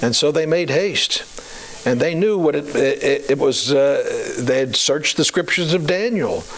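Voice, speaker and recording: A man's voice: on the high side, expressive, a bit bright, poor audio. Man preaching a sermon in a conversational way. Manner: conversational preaching with fillers and rhetorical questions; slows to a deliberate cadence when reading scripture. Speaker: pastor.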